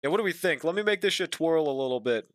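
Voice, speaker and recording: A man's voice: a little high, animated, fast talker, fairly bright tone, no room sound. A young man streaming as he draws, chatting casually with viewers and swearing freely. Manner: laid-back, swears often, talks to chat. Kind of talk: casual stream chat while drawing.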